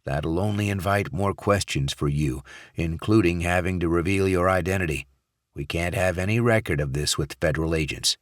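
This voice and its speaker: A male audiobook narrator voicing a gruff, impatient handler who gives clipped, insistent orders. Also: low-pitched, normal speed, no echo, studio quality, natural voice. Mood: curt. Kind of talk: audiobook character voice.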